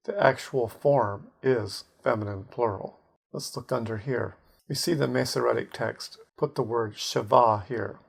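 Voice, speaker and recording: A man with a slightly husky, breathy voice at an ordinary pitch teaches Hebrew grammar. He parses each word methodically and sounds out the Hebrew terms slowly and carefully. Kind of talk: screen-share Hebrew grammar lesson.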